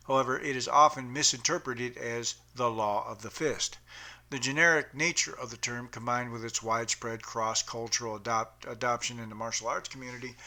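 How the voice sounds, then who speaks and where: Bright-voiced man reading a history. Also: mid-range voice. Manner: reads carefully, with small stumbles and self-corrections. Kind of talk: read-aloud explanation.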